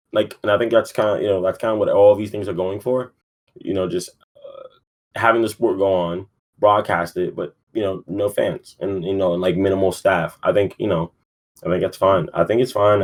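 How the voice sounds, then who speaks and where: A man hosting a podcast, rambling and profane, with many fillers, sounding sleepy. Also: deep voice. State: yawning, sleepy. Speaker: podcast host. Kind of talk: casual sports talk.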